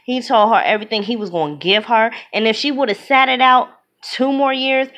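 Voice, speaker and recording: A woman giving an opinionated movie review in casual talk, emphatic and animated, often acting out what other people say. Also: fairly high pitch, brisk. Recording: dull lo-fi sound.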